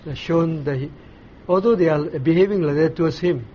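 Pastor, male, higher-pitched voice, unhurried teaching sermon, muffled recording with faint noise. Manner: explains slowly, pauses often with "uh", asks the listeners questions.

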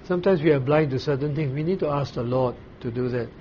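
A man preaching a sermon, explaining scripture slowly, pausing often and asking his listeners questions. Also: medium pitch, lo-fi sound, slight background noise. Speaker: pastor. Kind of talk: sermon, Bible teaching.

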